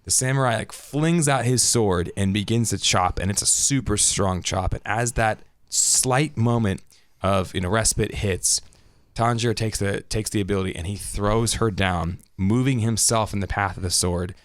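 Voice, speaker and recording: A man hosting a podcast, retelling an anime episode in casual, lively chat and laughing often. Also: on the low side, normal speed, dry recording. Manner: animated storyteller, laughs often. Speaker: podcast host.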